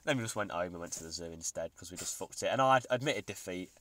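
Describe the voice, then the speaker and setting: A man's voice: low-pitched, animated, quick pace, fairly bright tone, dry recording. A young man, co-hosting a podcast in a laid-back, blunt way with casual swearing. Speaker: podcast co-host.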